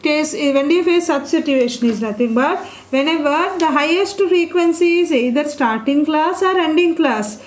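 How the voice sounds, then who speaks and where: A woman's voice: high-pitched, normal speed, few pauses. A woman teaching a statistics lesson at a board, explaining step by step and putting questions to her class. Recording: echoey room.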